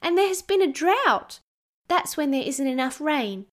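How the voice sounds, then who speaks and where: A woman voicing an earnest, sad little girl in a storybook reading, in a high childlike pleading voice. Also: sing-song, unhurried.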